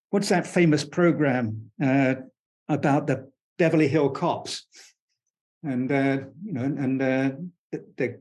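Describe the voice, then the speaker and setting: A male scientist talks at a rapid clip in an interview, piling up thoughts and restarting mid-sentence. He is blunt and enthusiastic, and his voice sits a touch high for a man. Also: darkish tone. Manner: talks fast, enthusiastic and digressive. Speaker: guest scientist. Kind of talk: conversational interview explanation.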